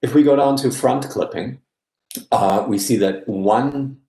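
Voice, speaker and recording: A man's voice: medium pitch, unhurried, creaky, mellow, echoey room. A man giving an academic guest lecture, explaining step by step and often checking in with his listeners. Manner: explanatory, checks in with frequent "yeah?".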